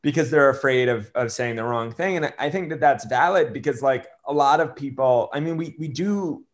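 A young man speaks earnestly as an interview guest. His talk is halting, full of restarts and fillers. His voice sits at an ordinary middle pitch. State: choked up with emotion. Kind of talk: conversational interview.

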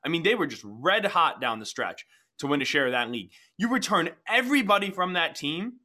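A man's voice: on the high side, big pitch swings, a little fast, bright, forceful tone. A man co-hosting a casual sports podcast, playful and teasing as he argues his picks. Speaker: podcast co-host.

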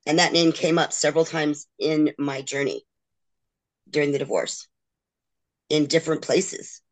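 A low, fairly even voice at a measured pace belongs to a middle-aged woman giving an interview. Candid and emotional, she relates a lengthy ordeal from her life and acts out what other people said.

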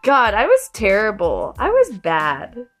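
A woman from Colorado spins stories from her past in an easy, unhurried way, stretching her words out. She laughs often and swears freely, with a mischievous streak. Faint music plays quietly underneath. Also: mid-range voice, wildly swooping pitch. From Colorado, USA. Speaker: storyteller recalling her youth. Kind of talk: casual personal anecdote.

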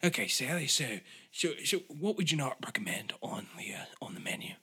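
A man's voice: fairly high pitch, moderate pace, pushed and bright, husky, full character voice. A man doing a half-hearted impression of a male celebrity chef, hesitant and mumbled. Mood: deadpan.

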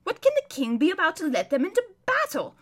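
A woman's voice: extremely high pitch, huge pitch swings, fast talker, pitched above the performer's own voice, full character voice. A woman voicing an old male hermit who describes a distant battle as a vivid, emphatic running commentary. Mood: urgent.

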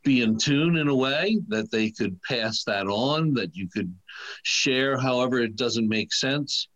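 A male host in a relaxed interview chat, with a mid-range voice. He offers short, supportive remarks and encouragement to his guest. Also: medium pitch, unhurried, highs cut off. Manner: supportive, brief affirmations.

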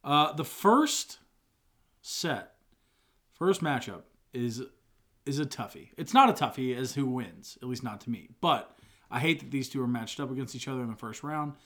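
A man co-hosting a casual podcast, arguing his picks in an animated way and sometimes breaking into loud protests. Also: medium pitch, normal speed. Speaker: podcast co-host. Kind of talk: casual chat.

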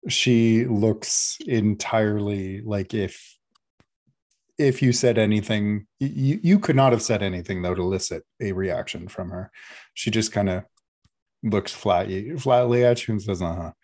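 Guy running a tabletop game, slow, mellow, lots of uh's. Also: on the low side. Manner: descriptive, with frequent fillers. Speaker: game master.

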